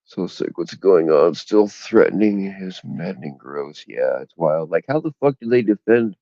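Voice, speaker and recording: A man's voice: low voice, animated, normal speed, dark tone, no room sound, muffled recording. A man hosting a casual livestream chat, talking bluntly and profanely in indignant rants, recorded on a phone. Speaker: livestream host. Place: outdoors in the cold.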